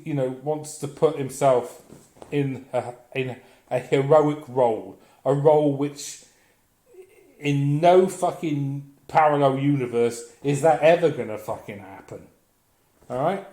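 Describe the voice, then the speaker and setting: A man's voice: medium pitch, mellow. A man delivering a blunt, profane, sardonic comic rant as a vlogger. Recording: echoey room.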